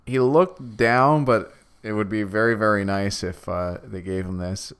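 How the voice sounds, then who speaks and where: A man co-hosting a casual sports watch-along stream, relaxed, reading viewer comments aloud. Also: fairly low pitch, unhurried, clear, resonant tone. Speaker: co-host.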